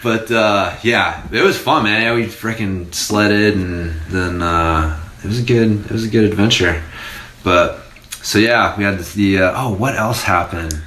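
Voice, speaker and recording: A man in his forties telling stories in casual podcast chat, animated and laughing, with free swearing. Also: lowish voice, measured pace, reverberant. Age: 40s. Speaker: podcast host.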